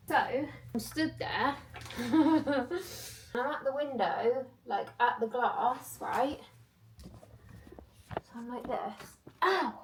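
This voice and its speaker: A woman's voice: on the high side, drawn-out words, pauses often, distant mic, a little hiss or hum. A young woman from chatting casually to her phone camera, self-mocking and rambling as she tells stories. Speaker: vlogger. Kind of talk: casual vlog chat.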